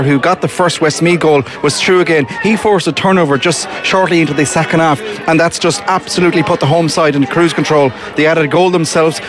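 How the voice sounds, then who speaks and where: A man giving a brisk live sports report from a football ground outdoors. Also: on the high side. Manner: brisk play-by-play summary. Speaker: field reporter. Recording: outdoor noise behind.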